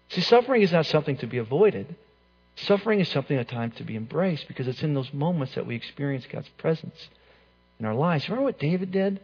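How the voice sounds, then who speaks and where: A man preaching a sermon in an earnest way, repeating words and letting phrases trail off softly. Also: a little high, expressive, moderate pace. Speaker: pastor. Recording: dull sound with long hall reverb.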